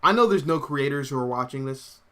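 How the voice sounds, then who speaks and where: A man's voice: mid-range voice, brisk. A young man hosting a casual comics livestream, rambling animatedly and reading viewer comments aloud. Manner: rambling and animated, full of fillers and laughs.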